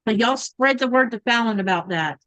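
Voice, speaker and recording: A woman's voice: a little high, animated, a little fast, a bit bright. A woman with a Southern US accent hosting a casual livestream, chatting and reading viewer comments aloud. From American South. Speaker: livestream host.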